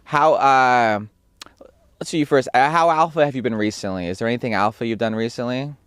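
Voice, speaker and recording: A man hosting a comedy podcast, joking around with his guests in a halting way. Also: medium pitch, fairly bright tone, clear, resonant tone, dry recording, studio quality. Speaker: podcast host. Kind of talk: casual podcast chat.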